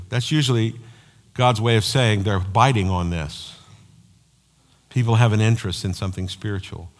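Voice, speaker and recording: A man preaching a sermon as pastor, telling personal stories in an animated way. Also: medium pitch, normal speed. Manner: storytelling, animated, acts out quoted voices. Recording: long hall reverb.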